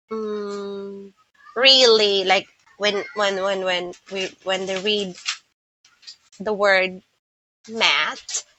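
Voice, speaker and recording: A Filipino woman teaching English pronunciation, who speaks slowly and repeats words so listeners can copy them. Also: medium pitch, bright, forceful tone, no echo, highs cut off. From Philippines. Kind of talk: pronunciation lesson.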